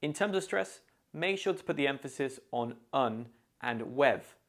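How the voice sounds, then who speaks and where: A British man giving an English lesson from a script. He speaks at a middle pitch, slows down and lands hard on the stressed words to show how phrases sound. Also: animated, fairly bright tone. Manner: slow, deliberate modelling of pronunciation. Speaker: English teacher.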